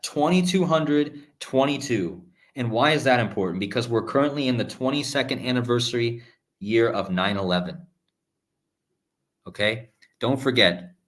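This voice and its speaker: A man's voice: mid-range voice, a bit bright. A man hosting a live stream, talking insistently to his viewers, repeating himself often and stopping to restart his sentences. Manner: insistent, repeats "okay?" and "guys", halting restarts. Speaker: numerology video host. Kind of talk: live-stream screen-share monologue.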